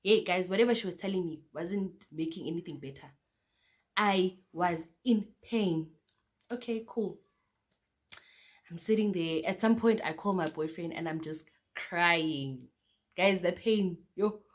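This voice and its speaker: A young South African woman with a slightly low voice recounts her own story straight to her viewers. She keeps it loose and conversational, calling them "guys" and marking each new beat with a quick "okay, cool.". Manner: chatty, addresses viewers as guys, repeats "okay, cool" between beats. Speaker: vlogger. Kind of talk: casual storytelling to camera.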